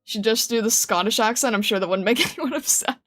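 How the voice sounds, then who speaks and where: A woman's voice: a little high, fast, fairly bright tone, faint music behind. A woman streamer chatting casually with her viewers, giggling often and rambling with many restarts. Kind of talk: casual live-stream chat.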